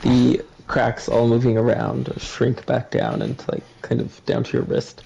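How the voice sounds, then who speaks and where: A man's voice: mid-range voice, monotone, measured pace, creaky. A man narrating a tabletop game as game master, describing scenes in a rambling way with many fillers. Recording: muffled lo-fi with faint hiss.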